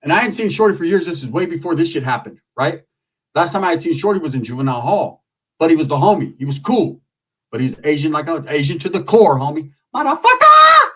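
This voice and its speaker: A man's voice: fairly high pitch, fast, husky, recorded from a distance. A man telling a profane, comedic street story in loose slang, acting out the people in it. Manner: loose street slang, animated with lots of acted quotes.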